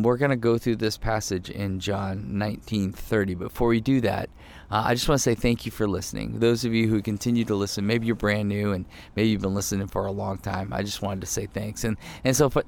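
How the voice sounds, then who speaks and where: A man's voice: on the low side, gravelly. A male pastor giving a casual, conversational sermon, self-deprecating and full of fillers and restarts.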